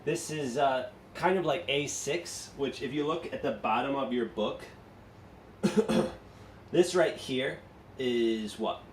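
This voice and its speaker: A man's voice: medium pitch, takes it slowly. Male teacher, patient explainer, lecture recorded in a roomy space with slight hiss. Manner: explains, repeats and rephrases points. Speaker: English teacher. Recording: echoey room with faint noise.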